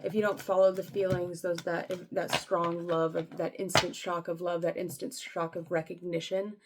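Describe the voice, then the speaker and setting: A woman's voice: lowish voice, flat delivery, moderate pace, noisy background. A young woman vlogging casually about spiritual guidance, reading quotes aloud and talking bluntly, with some profanity. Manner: blunt and profane, swings from soft reading to frustrated outbursts.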